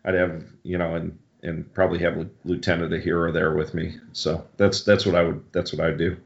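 A man with a very low voice chats casually as a podcast co-host. He wanders off on tangents and fixes his own words as he goes. The sound is dull and lo-fi. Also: flat delivery, fairly quick, vocal fry. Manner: rambling, tangents, self-correcting.

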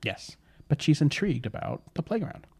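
A man's voice: a little high, big pitch swings, normal speed, gravelly, darkish tone, slightly rough. A man telling a spooky story in casual podcast chat, rambling with fillers and correcting himself.

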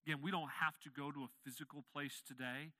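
Male pastor, sermon, earnest, emphatic peaks, very bright tone, dry close sound. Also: fairly high pitch, steady tone, a little fast, dry recording. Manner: earnest, rises to emphatic peaks when quoting scripture. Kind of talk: expository sermon.

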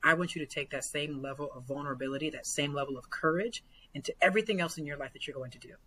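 A woman basketball coach talking earnestly as a podcast guest, full of fillers and growing excitement. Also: low voice, rapid-fire, a little hiss or hum, rough recording. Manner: earnest, many fillers, builds to excited retellings.

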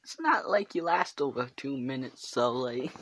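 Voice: mid-range voice, lively intonation, moderate pace, fairly bright tone, no echo. A vlogger talking alone in their bedroom, rambling and giggly, with filler words all through. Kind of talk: rambling casual monologue to camera. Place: own bedroom.

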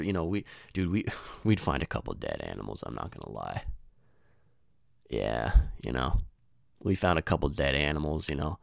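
A man's voice: vocal fry, no echo, studio quality. Rambling, swearing young man telling a story. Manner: swears a lot, lots of "dude" and "you know", restarts, bursts into high voices for quotes.

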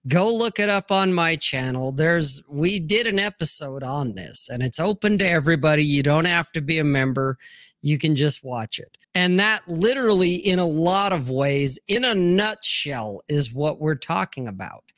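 A man hosting a live-streamed discussion, swearing freely, laughing loudly and reading viewer comments aloud. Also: on the high side, expressive, normal speed, dry recording, clean studio sound. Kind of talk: casual live-stream chat.

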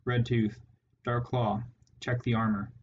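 A man's voice: medium pitch, little pitch movement, unhurried, dull audio, a little hiss or hum, natural voice. A man voicing a harsh, scarred male rat warlord who snarls his orders with contempt, in a storybook reading. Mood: snarling, commanding.

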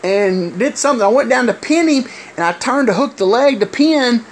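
A middle-aged man, a former wrestler telling stories in casual chat, halting and full of fillers. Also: very high voice, lively intonation. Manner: rambling, halting with many fillers. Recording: loud hiss with clicks.

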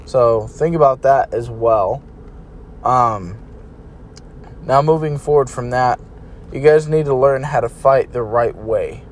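A man's voice: mid-range voice, slow, pauses often, a little hiss or hum. A man giving relationship advice in a casual, blunt way, talking to his listeners like buddies. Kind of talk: casual advice talk to camera.

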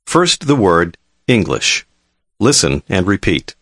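A man narrating a language lesson in a calm, measured, clearly enunciated scripted delivery. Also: deep voice, dry recording, studio quality.

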